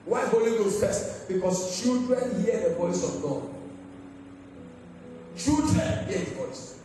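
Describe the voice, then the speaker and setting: A man's voice: high-pitched, lively intonation, slow, dark tone. A man, a pastor preaching an emphatic sermon with call-and-response and sing-song rises. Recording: echoey hall from far off with faint music.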